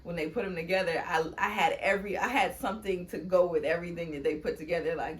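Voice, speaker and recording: Chatty woman with AAVE, lower voice. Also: quick pace, hardly any pauses. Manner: chatty storyteller, laughs often, acts out quotes. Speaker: poet and guest. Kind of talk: casual interview chat.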